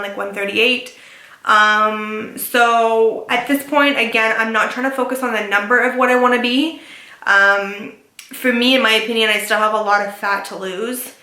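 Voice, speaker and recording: A young woman talks casually to her viewers, rambling and filling pauses with "like" and "um". Her voice sits a little high and sounds bright and forward. The room around her is noticeably echoey. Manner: chatty, filler-heavy with lots of "like" and "um". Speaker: beauty and lifestyle vlogger. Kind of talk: casual chat to camera.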